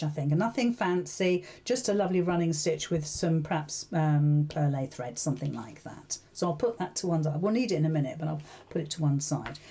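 A woman with a warm, mellow tone leads a live sewing tutorial in a relaxed, chatty way. She thinks aloud as she works and keeps turning to her viewers with questions. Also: on the low side. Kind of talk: casual live tutorial chat.

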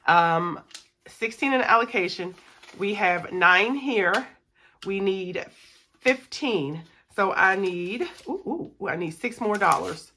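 A budgeting vlogger, a young woman with a lowish voice, chats casually with her viewers while counting money and scratching off savings cards, with a little hiss or hum in the background. She's chatty and animated, calls her audience "y'all," and counts the cash out loud.

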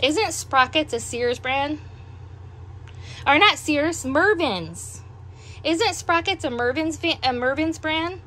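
A middle-aged woman with heavy breathing after a meal, chatting in an unhurried, musing way as she shows off a clothing haul at home. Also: high voice, expressive, fairly bright tone. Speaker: doll collector showing a clothing haul. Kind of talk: casual show-and-tell vlog.

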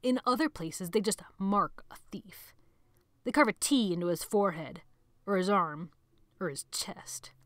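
A woman voicing a menacing teenage boy who leads a gang, shouting commands and then dropping to a cold hiss. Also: mid-range voice, animated, brisk, dry recording, lightly acted.

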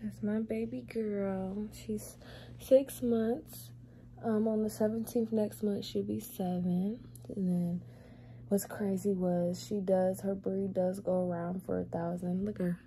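A young woman vlogging in a casual chat, doting and talking baby talk to her cat, sometimes drifting into soft whispers. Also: mid-range voice, level tone, measured pace, a little hiss or hum.

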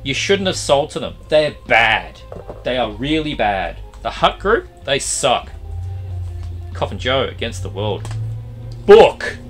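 Hoarse, lively man rambling on camera. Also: mid-range voice, measured pace, soft background music. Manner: rambling, animated, trailing fillers. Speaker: collection vlog host. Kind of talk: casual collection update.

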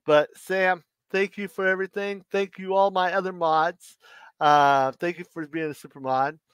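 A man's voice: sits high, steady tone, fairly bright tone, clear, resonant tone, no echo. Rambling livestream host man. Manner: puts an R in Washington; rambling, halting, many restarts. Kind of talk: casual rambling chat.

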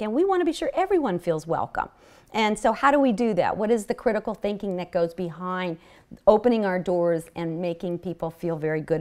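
During a seminar lecture on public health, a woman whose voice is mid-range and darkish recounts stories from the clinic. She tells them earnestly, though she often restarts mid-thought.

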